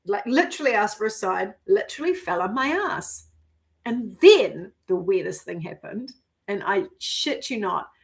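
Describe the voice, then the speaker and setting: A middle-aged woman vlogging, telling a personal story in a casual, animated way, giggling and swearing now and then as she acts out her own thoughts. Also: medium pitch.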